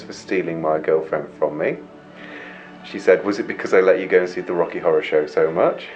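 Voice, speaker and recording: A middle-aged man telling personal stories in an interview, animated, mimicking relatives in loud high voices. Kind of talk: personal storytelling. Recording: slightly muffled with music behind.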